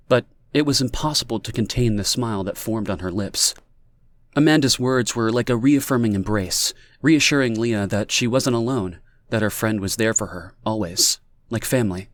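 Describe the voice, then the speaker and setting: A male narrator reads an audiobook in a low, measured voice. The sound is dry and close, with no room around it. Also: no echo. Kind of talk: scripted narration.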